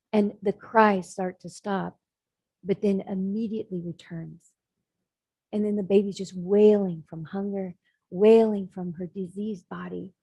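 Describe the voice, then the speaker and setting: A woman's voice: medium pitch, gravelly, mellow, husky, dry recording, low-quality recording. A woman telling a spiritual story as a sermon, acting out the voices of the characters in it. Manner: dramatic storyteller voicing characters. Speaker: spiritual speaker.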